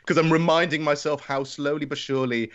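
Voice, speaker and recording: A man's voice: on the high side, fairly even intonation, brisk, a bit bright, dull audio. A man guesting on a podcast, rambling in a self-mocking, exasperated way. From United Kingdom. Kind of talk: casual podcast chat.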